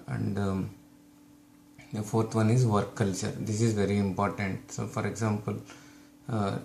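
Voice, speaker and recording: Gravelly Indian-accented man with flat delivery. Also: on the low side, a little slow, a little hiss or hum. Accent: Indian English. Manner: hesitant, many fillers and restarts. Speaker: YouTube channel host. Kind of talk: casual advice talk to camera.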